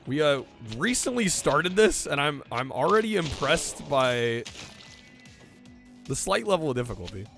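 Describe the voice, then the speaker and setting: A man with a fairly high, bright voice hosts a casual livestream, chatting in a relaxed way and thanking viewers. He speaks unhurriedly, his pitch swings widely, and there's some vocal fry. Background music plays beneath his voice.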